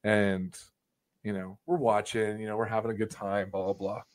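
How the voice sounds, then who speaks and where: Man, podcast guest, casual storytelling, profane, lively, lowish voice. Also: moderate pace. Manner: animated storyteller, swears freely, acts out quotes. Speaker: wrestling videographer guest.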